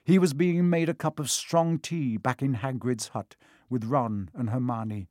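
A man narrating a children's storybook in a steady, expressive reading. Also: mid-range voice, unhurried, no room sound, studio quality. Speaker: audiobook reader.

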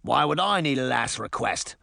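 A man voicing a gruff, greedy male pirate captain in an audiobook, growling and menacing. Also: medium pitch, expressive, normal speed, sharp tone, no echo, studio quality, full character voice. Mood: gloating. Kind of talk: audiobook character voice.

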